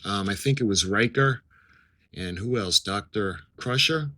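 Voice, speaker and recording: A middle-aged man talks through an unboxing in a casual, chatty way. He reads captions aloud and adds his own asides. His voice sits a little low but comes across bright and forceful. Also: unhurried, rough recording. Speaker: model-kit unboxing vlogger.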